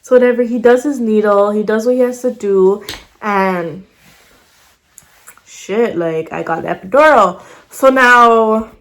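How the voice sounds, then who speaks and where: A woman's voice: on the high side, measured pace. Slangy young woman telling a story. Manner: slangy, swears freely, animated retelling. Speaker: vlogger. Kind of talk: casual storytelling to camera.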